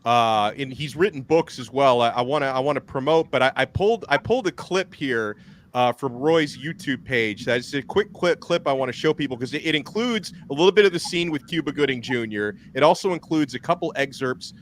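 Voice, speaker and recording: A man's voice: mid-range voice, lively intonation, a little fast, a little hiss or hum. A man hosting an interview podcast, reacting with enthusiasm and setting up a clip. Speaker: podcast host. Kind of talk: casual interview chat.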